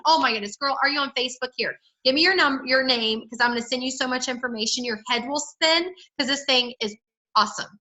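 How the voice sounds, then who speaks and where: Brisk and forceful, a woman with a bright, high voice coaches her sales team over a roughly recorded phone call. She's chatty and emphatic, frequently acting out how she'd talk to people.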